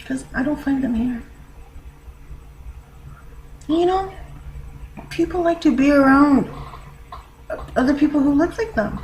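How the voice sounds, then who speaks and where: Woman vlogger, high voice, rambling and chatty, laughs a lot. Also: unhurried, pauses often, a little mellow, slight background noise, low-quality recording. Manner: laughs often, rambling with many fillers. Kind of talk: casual rambling monologue.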